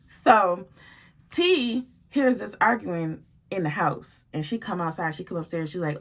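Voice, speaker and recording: A young adult woman telling a story in a casual vlog, animated and profane, acting out the dialogue as she goes. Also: medium pitch, moderate pace, husky. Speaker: storytime vlogger.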